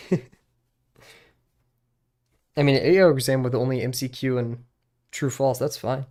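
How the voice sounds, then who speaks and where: A man's voice: medium pitch, unhurried, a little mellow. A young man in his twenties, a streamer talking in a casual, rambling way, often laughing at himself. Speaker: drawing streamer.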